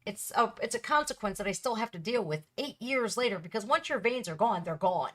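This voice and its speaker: Blunt, emphatic woman host, thirties, middle pitch, casual reaction commentary. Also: expressive, fairly quick, fairly bright tone.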